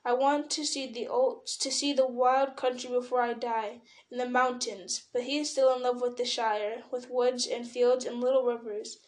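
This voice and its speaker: A woman's voice: a little high, little pitch movement, normal speed, hardly any pauses, natural voice. A woman reading old hobbit Bilbo, fretful and stubborn. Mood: weary. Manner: fretful, turns sharp and defensive. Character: elderly male hobbit, fussy, stubborn, possessive.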